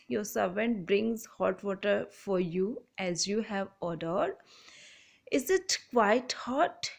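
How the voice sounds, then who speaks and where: A woman lecturer, slowly explaining a literary text, often repeating and rephrasing. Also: medium pitch, vocal fry. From India. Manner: slow, repeats and rephrases, reads passages aloud. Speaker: English lecturer.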